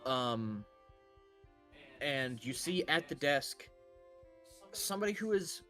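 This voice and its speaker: A man running a tabletop game, describing a scene in a loose, rambling way filled with fillers. He speaks slowly at a middle pitch, with faint music playing in the background. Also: a bit bright. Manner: casual, rambling, many fillers. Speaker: game master.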